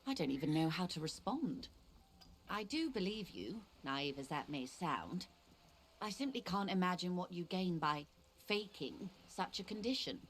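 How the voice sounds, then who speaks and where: A woman's voice: on the low side, sing-song, moderate pace, slight background noise. An actress voicing a composed, formal woman negotiator in a video game. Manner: polite, crisp, composed.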